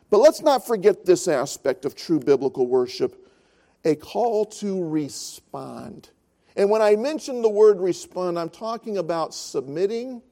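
A man in his fifties preaching a sermon as pastor, earnest, rising in force and then dropping to a soft, slow hush. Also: sits high. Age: 50s.

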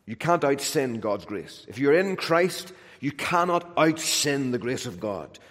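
A man preaching a sermon with emphatic, repeated phrases, swinging between loud declarations and hushed, gentle lines. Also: mid-range voice, big pitch swings, a little slow. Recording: long hall reverb.

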